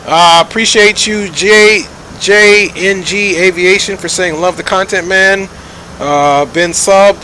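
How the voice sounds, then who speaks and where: A man's voice: sits high, bright, forceful tone, slight background noise, poor audio. A man giving chatty live commentary while streaming a flight simulator, joking and thanking viewers as he goes.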